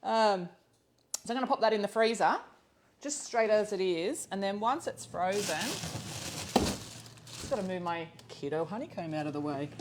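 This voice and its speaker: Streaming with poor audio quality and a slight hiss or hum, a woman runs a live cooking class in her own kitchen at a normal pace. As she works she talks casually, laughs readily, and mulls things over out loud with plenty of ums.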